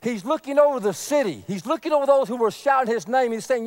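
A man preaching a sermon, earnest, swinging from loud emphasis to a near whisper. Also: very high-pitched, lively intonation, fast talker, few pauses. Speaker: pastor.

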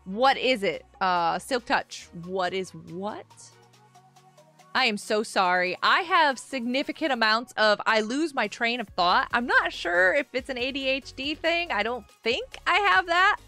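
A woman's voice: on the high side, animated, a little slow, sharp tone, faint music behind. A woman in her thirties chatting with viewers while she plays on a live gaming stream, bubbly and giggly.

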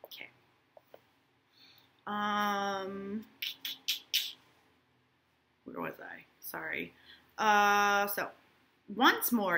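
A woman's voice: medium pitch, bright, forceful tone. A woman teacher reading a novel aloud to her class and breaking off for casual asides, often checking in with "right?".

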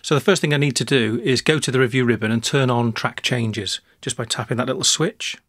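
A man narrating a screencast software tutorial, talking through each step in a relaxed way with small restarts. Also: medium pitch, fairly quick, no room sound, clean studio sound.

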